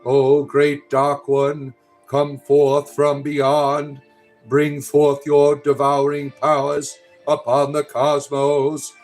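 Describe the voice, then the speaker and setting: A man putting on a solemn male cult priest, chanting a slow, drawn-out incantation to a dark god. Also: on the high side.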